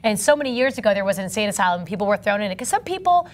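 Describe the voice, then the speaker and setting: A woman with a New York accent co-hosting a casual talk show, chatty and quick to laugh. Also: mid-range voice, sing-song. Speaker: co-host. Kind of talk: casual chat.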